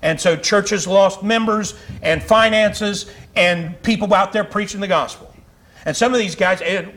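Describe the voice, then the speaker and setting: Pastor guy preaching in church, high voice, fired up and chatty. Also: a bit bright. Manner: fiery, conversational preaching with asides and laughs. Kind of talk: sermon. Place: church sanctuary.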